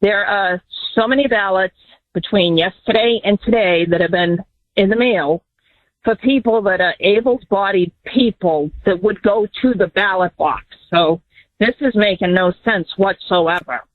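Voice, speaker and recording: A woman's voice: mid-range voice, unhurried, dry recording. A woman calling a radio show as a letter carrier, speaking earnestly with some hesitation. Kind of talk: call-in radio caller. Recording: phone line.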